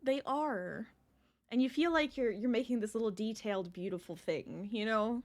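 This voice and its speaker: A woman's voice: fairly high pitch, normal speed, darkish tone. Chatty woman streaming her crochet. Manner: chatty, laughs often, talks to chat. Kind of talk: casual live-stream chat.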